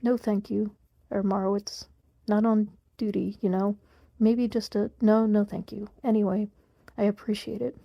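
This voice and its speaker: A woman reading as a gentle, polite older police inspector. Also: mid-range voice, flat delivery, moderate pace, creaky, dry recording, muffled recording. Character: older male police inspector, kind and courteous.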